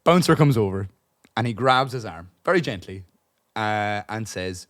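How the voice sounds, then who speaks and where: Low-voiced Irish man telling a story. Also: normal speed, dry recording, clean studio sound. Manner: animated, profane anecdote telling with many asides. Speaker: podcast co-host. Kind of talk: casual storytelling chat. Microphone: podcast studio microphone.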